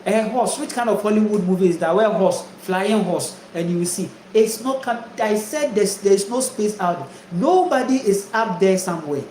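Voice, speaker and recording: A man's voice: sits high, expressive, moderate pace, hardly any pauses, a little mellow, reverberant, slight background noise, rough recording. A man from Ghana preaching a spiritual monologue, emphatic and repetitive, full of rhetorical questions. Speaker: spiritual teacher.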